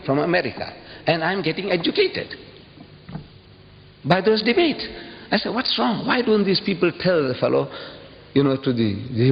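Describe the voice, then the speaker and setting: A man giving an impassioned public lecture, emphatic and full of rhetorical questions, his voice leaping into sudden high bursts. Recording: dull old recording, long hall reverb, faint hiss.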